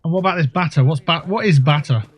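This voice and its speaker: A man's voice: a little high, fast talker, breathy edge, lo-fi sound. A man hosting a livestream, talking in a rambling, crude, jokey way while he plays a game. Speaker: livestream host. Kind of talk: casual gaming livestream chat.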